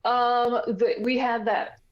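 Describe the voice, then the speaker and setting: A woman's voice: a little high, little pitch movement, slow pace. A woman from Virginia chatting as a guest on a podcast, telling stories and laughing often. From Virginia, USA. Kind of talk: casual group chat. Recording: dull lo-fi audio.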